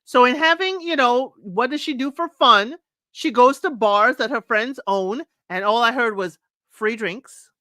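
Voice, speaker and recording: Woman host, reality recap chat: sassy, animated, higher pitch, dry close mic. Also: a little slow, dry recording. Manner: sassy, animated, laughs often, mimics cast members. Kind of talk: live recap chat to viewers.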